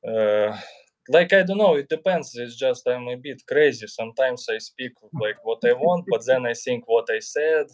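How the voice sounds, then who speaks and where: A man's voice: mid-range voice, lively intonation, normal speed. Russian man in casual chat. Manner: loose, hesitant, filler-heavy. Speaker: guest YouTuber.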